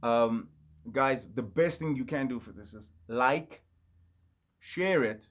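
A man hosting his own casual solo podcast, rambling and jumping quickly from topic to topic. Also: medium pitch. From Ireland. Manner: rambling, jumps between topics. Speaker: podcast host. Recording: slightly dull lo-fi audio.

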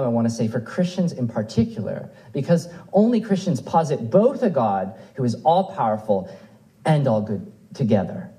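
A man's voice: medium pitch, dark tone, low-quality recording. A man preaching a sermon in a church, earnestly reading scripture aloud with rising and falling emphasis. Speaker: pastor.

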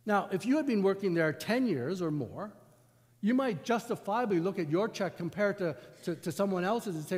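A man's voice: high-pitched, lively intonation, moderate pace, a little mellow. A man, preaching a sermon as pastor in a conversational storytelling way. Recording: long hall reverb.

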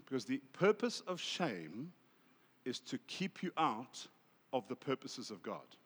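A South African man preaching a sermon, swinging from loud emphasis to hushed asides. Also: medium pitch, sing-song, unhurried, breathy edge, big-room sound. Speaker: pastor.

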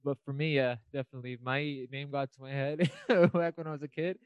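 A man's voice: medium pitch, steady tone, fairly quick, clean tone, no echo, lo-fi sound. A young man co-hosting a casual podcast, wandering through his thoughts with plenty of "you know" and "like." His voice is clean and resonant, recorded close and dry. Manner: rambling, filler-heavy, laughs often. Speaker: podcast co-host. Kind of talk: casual chat.

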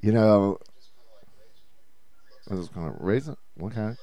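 A man's voice: fairly low pitch, expressive, a little slow, mellow. A man co-hosting a podcast in casual, jokey chat, laughing and trying out silly impressions. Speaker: podcast co-host.

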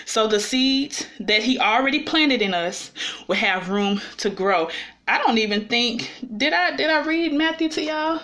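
A woman's voice: fairly high pitch, animated, a little slow, fairly bright tone. A woman giving an informal, personal sermon, often checking in with her listeners as she speaks. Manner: personal and confessional. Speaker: preacher.

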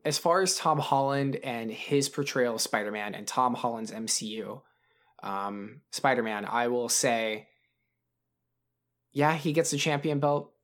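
Chatting casually about films, this podcast co-host rambles, restarting often and leaning on fillers. His mid-range voice is a bit bright and moves at a measured pace.

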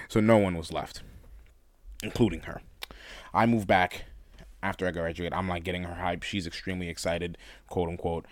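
Deep-voiced young man telling a story. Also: steady tone, no echo. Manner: candid, laughs often, halting restarts. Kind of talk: casual storytelling monologue.

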